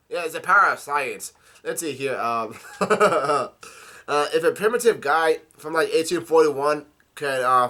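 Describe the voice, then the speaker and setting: A man casually reading through a comic chapter aloud with his own comments, halting, with many fillers, restarts and coughs. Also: medium pitch, sharp tone. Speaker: comic reader.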